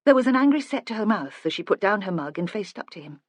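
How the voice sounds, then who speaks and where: Measured audiobook narrator, dry close read. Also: medium pitch, big pitch swings, no echo. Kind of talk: scripted narration.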